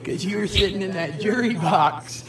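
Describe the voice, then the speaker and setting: Rambling, teary-laughing man mentor, a touch high-voiced, recorded far off with crowd chatter. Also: normal speed. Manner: rambling, stammering, laughing often. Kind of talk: emotional personal conversation. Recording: distant mic with crowd noise.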